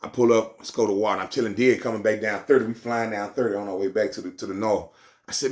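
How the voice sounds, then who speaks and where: A man's voice: lowish voice, fairly even intonation, quick pace. A man telling a street story in casual slang, rambling and repeating himself.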